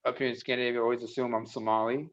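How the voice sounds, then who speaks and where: A man's voice: medium pitch, flat delivery, very fast. Man telling stories on a lo-fi call. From Eritrea or Ethiopia region. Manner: storytelling, swears freely. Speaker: panel guest. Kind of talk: casual chat. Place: living in Scandinavia. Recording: dull lo-fi audio.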